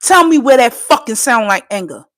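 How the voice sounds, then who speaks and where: A woman's voice: a little high, animated, moderate pace, fairly bright tone. A woman from Trinidad, fighting back tears, ranting on a livestream in a profane, impassioned, insistent way. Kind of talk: emotional live-stream rant.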